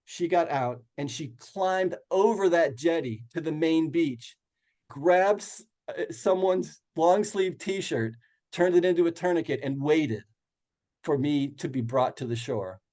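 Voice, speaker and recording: A man's voice: a little high, a little slow, warm tone. Earnest man telling a personal story. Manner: earnest, vivid retelling. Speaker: guest speaker. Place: retirement community hall.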